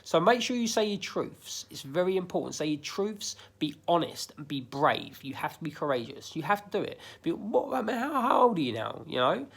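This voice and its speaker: A man's voice: on the high side, sing-song, fairly quick, vocal fry, few pauses, fairly bright tone, husky. A man giving blunt, emphatic life advice straight to his viewers, swearing freely and repeating himself. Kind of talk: casual direct-to-camera monologue.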